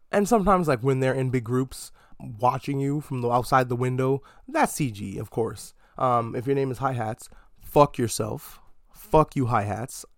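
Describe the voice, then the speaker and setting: A man hosting a podcast, chatting casually about a movie in an animated, swearing way. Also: medium pitch, no echo, studio quality. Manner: animated, profane, slips into mock slang quotes. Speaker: podcast host. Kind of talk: casual movie review monologue.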